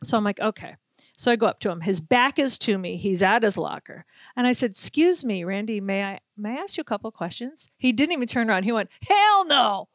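A woman from Boston, a sports reporter hosting a casual talk show, telling a lively anecdote full of acted-out quotes. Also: medium pitch, fast, no echo. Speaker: sports reporter, podcast host. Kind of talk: casual storytelling chat.

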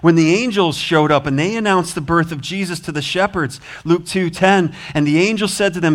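A man's voice: a little high, moderate pace, hardly any pauses. A man preaching a sermon as pastor, earnest, with rising emphasis, American accent. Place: church sanctuary.

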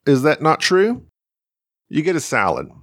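A man hosting a comedic podcast solo, joking and mocking himself in a deadpan way. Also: a little high, measured pace, dry recording, clean studio sound. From United States. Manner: jokey, deadpan self-mocking. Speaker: podcast host.

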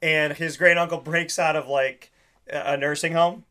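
Bright, animated young man telling stories. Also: a little high, normal speed, clear, resonant tone. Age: young adult. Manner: rambling, animated storyteller who acts out quoted lines. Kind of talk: casual chat.

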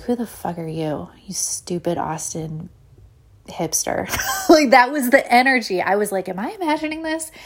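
A woman hosting her own podcast, telling a story in a rambling, casual way, full of "like" and acted-out quotes. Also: on the low side. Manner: rambling, many "like" fillers; animated retelling with acted-out quotes. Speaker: podcast host.

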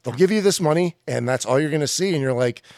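A man guest on a casual podcast, telling stories in a lively way and acting out what others said. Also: fairly high pitch, fast talker, no room sound, clean studio sound. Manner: lively storyteller acting out quotes. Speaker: guest, director and author.

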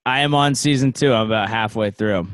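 A man's voice: lowish voice, fairly quick, fairly bright tone, clean tone. A man chatting casually over a video call, joking around and slipping into goofy voices.

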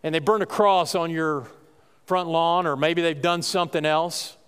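A man's voice: fairly high pitch, steady tone, normal speed, a bit bright, clear, resonant tone. Man, pastor, folksy emphatic sermon, resonant voice, reverberant church hall. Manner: folksy, emphatic preaching with rising exclamations. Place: church sanctuary.

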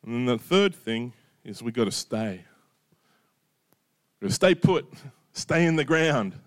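A middle-aged man preaches in a relaxed, conversational way, often checking in with his listeners. His voice sits at an ordinary middle pitch. The sound is dry and close, with no room echo. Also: a little slow. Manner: conversational, drops in "right?" and "you know". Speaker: pastor. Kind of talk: sermon.

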